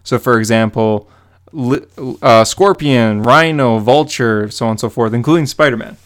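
A man's voice: medium pitch, normal speed, smooth. A man co-hosting a podcast, casually recapping a comic book issue with lots of fillers and laughs. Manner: rambling, many fillers, laughs while retelling. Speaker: podcast co-host.

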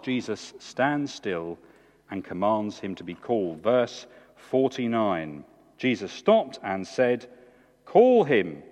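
A man, preaching a sermon in a church with emphatic, animated delivery. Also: lo-fi sound. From England. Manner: animated, emphatic preaching with big swings in pitch. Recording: long hall reverb.

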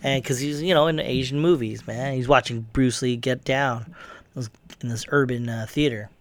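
A man's voice: mid-range voice, normal speed, dry recording. A man casually retelling a kung fu movie plot, rambling and swearing, acting out the characters' lines. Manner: rambling, profane, acts out quotes.

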